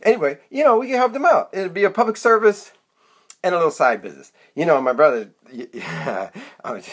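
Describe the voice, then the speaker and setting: A man's voice: a little high, animated, a little fast, breathy edge. A man in his sixties telling a rambling comic monologue to camera, chatty and self-mocking, drifting off into side stories. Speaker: comedic vlogger.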